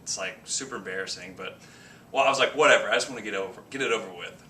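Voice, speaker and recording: A man's voice: on the low side, racing, slight background noise. A man telling a rambling personal story to the camera in a casual vlog. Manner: rambling, animated anecdote with quoted voices. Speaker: fitness vlogger. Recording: echoey room from a distance.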